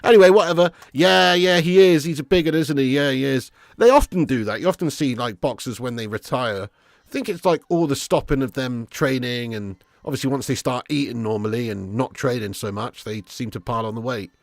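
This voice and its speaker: A man's voice: mid-range voice, a little fast, gravelly, no room sound. Chatty man streaming football. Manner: chatty, banters with viewers, swears casually. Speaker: football watch-along streamer. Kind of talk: live stream commentary and chat.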